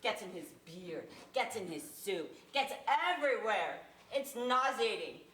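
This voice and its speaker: A woman's voice: medium pitch, expressive, a little slow, a bit bright. A young woman on a school stage playing a pushy male waterfront hustler with wheedling sales patter, recorded from far off in an echoey hall. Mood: animated. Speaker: student actor.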